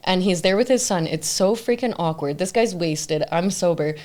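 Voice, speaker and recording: This is a woman podcast host in loose, casual chat, talking in a slightly low voice. She tells her stories with animation and breaks into laughter often. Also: normal speed, a little mellow.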